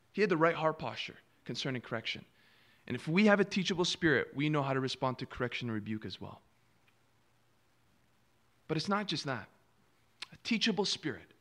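A man with a fairly high-pitched voice preaches a sermon, shooting out rhetorical questions and performing quoted replies, his volume swinging between sudden hushes and big swells.

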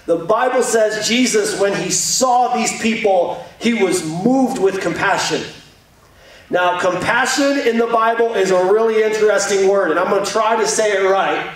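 A young man delivering a sermon, telling a story with jokes and an animated, storytelling manner. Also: sits high, moderate pace. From Indiana. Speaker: pastor. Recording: echoey hall from far off.

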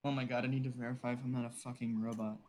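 A man's voice: mid-range voice, level tone, very fast, darkish tone, slight background noise. A young man co-hosting a podcast, crude and rambling, laughing often at his own jokes. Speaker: podcast co-host. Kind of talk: joking podcast banter.

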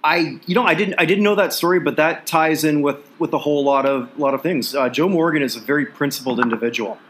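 A man's voice: a little high, quick pace, fairly bright tone, a little hiss or hum. A man co-hosting a casual sports podcast, reeling off statistics with plenty of fillers. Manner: reels off statistics, filler-heavy. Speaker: podcast co-host.

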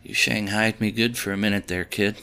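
A weathered bearded man with a wry, joking drawl, as a male narrator puts him on. He keeps his voice hushed and low, with a crisp, clean edge. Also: fairly even intonation, brisk.

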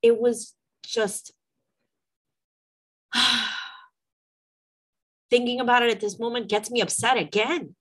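Middle-aged mom, candid vlogger, emotional and venting. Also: female voice, fairly high pitch, steady tone, takes it slowly, long pauses, rough recording. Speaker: mother. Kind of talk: personal vlog storytelling.

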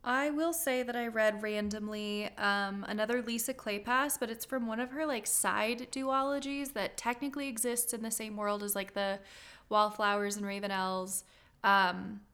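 A woman's voice: mid-range voice, fairly even intonation, normal speed, fairly bright tone, clean tone. A woman co-hosting a casual book podcast, easygoing and filler-heavy as she recounts a story. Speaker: podcast co-host.

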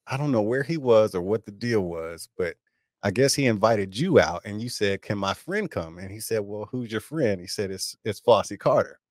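A man hosting a casual chat, reacting quickly and laughing a lot. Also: fairly low pitch, no echo, studio quality.

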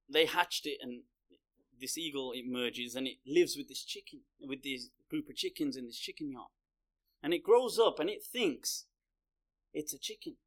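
A male religious lecturer speaking conversationally, telling a story as part of a lecture. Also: a little high.

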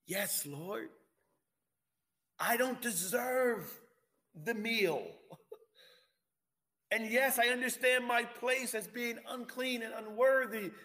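A humble ancient woman kneels and begs for a crumb of mercy, as a preacher puts her on in a fairly high voice. She speaks slowly and earnestly, with an imploring tone. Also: fairly bright tone.

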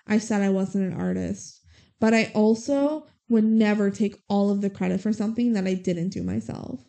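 A woman's voice: medium pitch, normal speed, vocal fry, dark tone, close to an everyday voice. A woman voicing a hurt, indignant teenage girl while casually retelling a movie scene. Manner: casual retelling of quoted lines.

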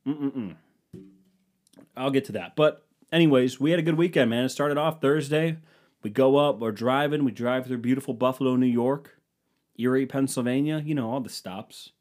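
A man's voice: medium pitch, moderate pace, a little mellow. A young man from the United States telling a rambling, profane, jokey story as a casual podcast host, acting out the exchanges.

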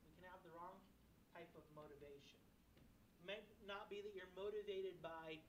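A man's voice: sits high, steady tone, normal speed, echoey room, noisy background. A young man preaching a conversational sermon, mixing self-deprecating asides with emphatic questions to the congregation. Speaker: church member preaching.

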